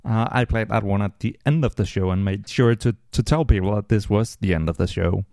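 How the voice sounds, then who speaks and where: A man's voice: lowish voice, a little fast, gravelly, a little mellow, no room sound. A man hosting a casual podcast, reading listener mail and answering with rambling asides and dry humor. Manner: rambling, many ums and restarts, dry humor. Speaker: podcast host.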